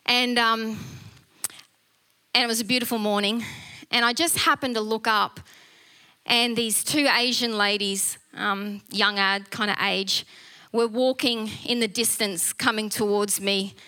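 A middle-aged woman casually telling a personal story, animated, with frequent laughs and fillers. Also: fairly high pitch, measured pace. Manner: animated, laughs often, many fillers and restarts.

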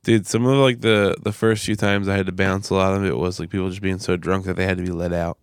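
A man's voice: low voice, fast, clean tone, dry recording, clean studio sound. A young American man on a casual podcast, telling stories with lots of swearing and acted-out quotes. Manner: animated storytelling, swearing, acting out quotes. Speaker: podcast host.

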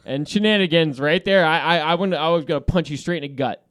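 Man, podcast host, casual banter, smooth voice, dry sound, slightly high. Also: fast talker, no room sound. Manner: animated storytelling with profanity and laughter.

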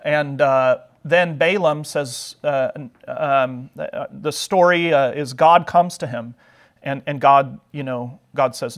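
A man's voice: medium pitch, slow pace, a bit bright. A man teaching an adult Sunday school class, retelling a Bible story in a chatty, joking way.

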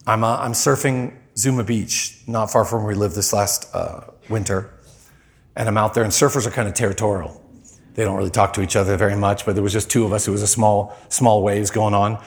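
Male preacher, church sermon, animated storyteller who leaps high for quoted lines. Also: a little fast, creaky. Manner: animated storyteller, voice jumps high when quoting people.

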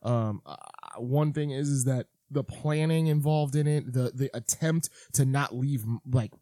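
A man co-hosting a podcast in casual chat, rambling with halting restarts. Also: mid-range voice, warm tone, no echo, studio quality. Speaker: podcast co-host.

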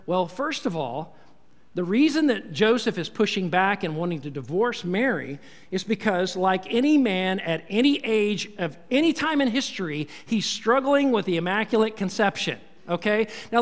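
A man preaching a sermon as a pastor, lively and acting out the people in the story. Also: sits high. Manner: animated, acts out quoted voices. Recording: long hall reverb.

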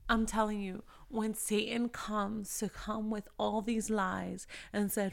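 A woman gives a casual Christian devotional talk to other women, encouraging and a bit preachy, speaking directly to her listeners. Her medium-pitched voice is flat with vocal fry, and she slows down to stress key phrases.

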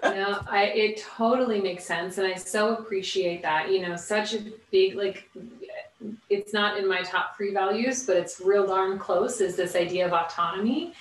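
A woman's voice: mid-range voice, moderate pace. Chatty woman guest in a roomy space. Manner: candid, animated storytelling with many fillers. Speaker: podcast guest, author. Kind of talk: casual interview conversation. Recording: roomy, distant mic.

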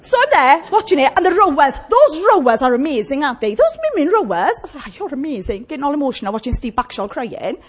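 A woman's voice: high-pitched, big pitch swings, fast talker, few pauses. A woman preaching a sermon in a conversational way, often asking the congregation questions.

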